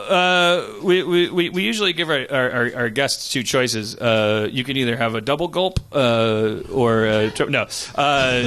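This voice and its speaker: A middle-aged man with a medium-pitched voice hosts a live comedy podcast on stage. He rambles in casual conversation, stammering into frequent restarts and adding chuckling asides, with a noisy background.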